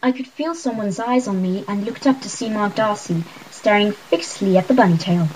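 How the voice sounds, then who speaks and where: A woman reading a novel aloud in wry, lively first-person narration, with a husky voice. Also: mid-range voice, moderate pace, a little hiss or hum, rough recording. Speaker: audiobook reader.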